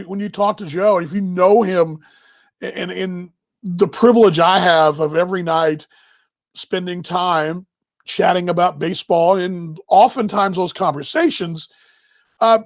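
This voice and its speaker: A man's voice: high-pitched, dry recording. A man hosting a live baseball chat show, rambling and emotional, talking while he juggles other tasks. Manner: rambling, emotional, talks while handling gear. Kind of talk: casual live stream chat.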